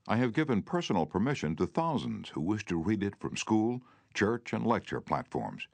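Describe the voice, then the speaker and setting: A man reading a self-help audiobook aloud in a measured, earnest way, turning tender and remorseful in the quoted letter. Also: fairly low pitch, sing-song, gravelly, dry recording. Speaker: audiobook narrator. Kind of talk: scripted audiobook narration.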